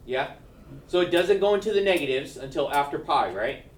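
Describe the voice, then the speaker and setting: A male math teacher lectures his class in a voice on the high side, expressive and a little fast, checking in with students with "right?" and tossing in joking asides between steps. He's far from the mic, and there's a little hiss or hum.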